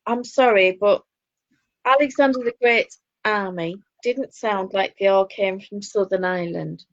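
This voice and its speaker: A woman's voice: medium pitch, measured pace, no echo. A woman with a Northern English accent co-hosting a casual chat, opinionated and chatty with laughing asides. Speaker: podcast co-host. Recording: dull lo-fi dry sound.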